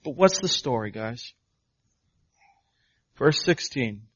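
Pastor guy preaching, lots of questions, gets loud and emphatic, kinda muffled lo-fi sound. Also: medium pitch, expressive, slow, slightly rough, dry recording. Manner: preaching with many rhetorical questions, swelling to emphatic proclamation. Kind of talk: sermon.

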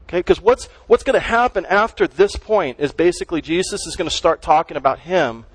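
Pastor, male, slightly high pitch, dry close-miked sermon; conversational, punchy, asks the crowd questions. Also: a little fast, few pauses, breathy edge, no room sound, rough recording. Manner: conversational, emphatic preaching with rhetorical questions.

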